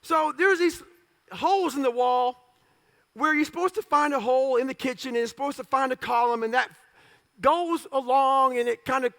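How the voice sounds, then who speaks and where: A man telling his life story as a motivational speaker, blunt and profane in punchy short phrases, now and then bursting out loudly. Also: extremely high pitch, normal speed. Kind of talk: storytelling talk.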